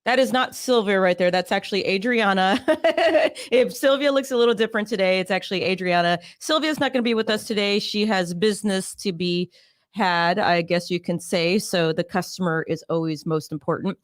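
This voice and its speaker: A woman's voice: medium pitch, moderate pace, no room sound, studio quality. A woman hosting a casual live-stream talk show, bubbly, laughing often and repeating her phrases. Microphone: desk mic on a live stream.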